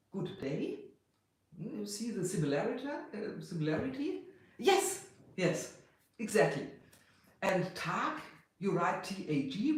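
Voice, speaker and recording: German guy, high voice, chatty and halting with lots of laughs, super echoey room. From Hanover, Germany. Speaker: livestream host. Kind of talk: casual chat.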